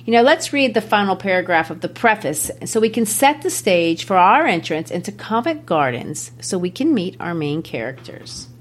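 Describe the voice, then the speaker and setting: A woman's voice: medium pitch, sing-song, moderate pace, few pauses, slight background noise. A woman with a Memphis, Tennessee accent, co-hosting a literary discussion in an explanatory, lecture-like way. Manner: explanatory, lecture-like, quotes texts. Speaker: podcast co-host.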